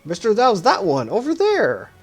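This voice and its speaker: A man doing a feral boy, pitched-up and excitable. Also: measured pace, faint music behind, full character voice. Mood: eager. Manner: broken baby-talk grammar, excitable. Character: wild feral boy, childlike broken speech, eager. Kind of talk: video game dialogue read aloud with voices.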